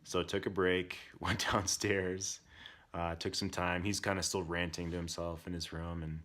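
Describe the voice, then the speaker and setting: A man with a very low voice tells a parenting story in a relaxed, candid way. He reflects openly as he talks. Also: moderate pace. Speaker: podcast host. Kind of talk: casual storytelling.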